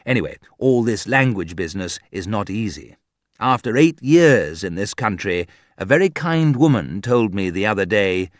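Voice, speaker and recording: A man reading an audiobook aloud in a slow, deliberate way for English learners. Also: fairly low pitch, animated, dry recording, clean studio sound. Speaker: audiobook narrator. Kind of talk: scripted audiobook narration.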